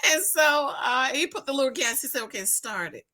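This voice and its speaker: Speaking to her audience, a middle-aged commentary vlogger reads out a news piece and shares a story from her own life, performing the different voices with a rising pitch. She has a bright, forceful voice with lively intonation and talks at a normal speed.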